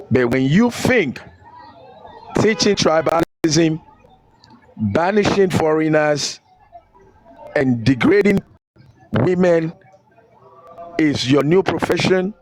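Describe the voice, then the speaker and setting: In a rough recording, a Nigerian-accented online commentator with a voice on the high side rants heatedly, scolding and preaching and hammering his point with repeated phrases.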